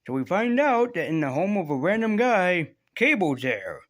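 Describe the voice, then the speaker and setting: A man's voice: high-pitched, big pitch swings, normal speed, a bit bright. A man casually reviewing comic books in a rambling, sarcastic way, swearing freely.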